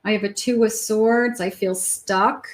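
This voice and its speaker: A woman's voice: mid-range voice, steady tone, a little slow. A woman giving a tarot reading in a chatty, conversational way, with frequent fillers and restarts. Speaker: tarot reader.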